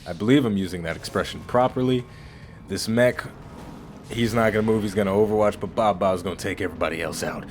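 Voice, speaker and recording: A man with a low voice gives casual let's-play commentary over his game. He rambles in a chatty way and often restarts his phrases mid-sentence. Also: quick pace, slight background noise. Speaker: gaming channel host.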